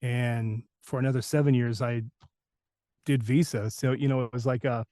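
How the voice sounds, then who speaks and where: A man who works as a voice actor, telling a story as a podcast guest in a lively, casual way and acting out the people he quotes. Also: mid-range voice, moderate pace, dry recording, studio quality. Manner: animated, acts out the people he quotes.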